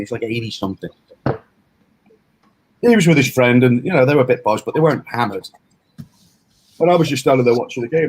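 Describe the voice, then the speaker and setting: A man's voice: mid-range voice, rough recording. A middle-aged man from England, a self-defense instructor, talking casually in a rambling, storytelling way with lots of restarts and fillers. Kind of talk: casual interview talk.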